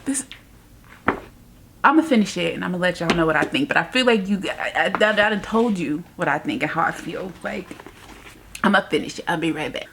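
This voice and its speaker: A woman book vlogger talks casually about a book she just finished, rambling and emotional, frequently laughing in exasperation. Her voice is lowish, animated and brisk, with background noise behind it.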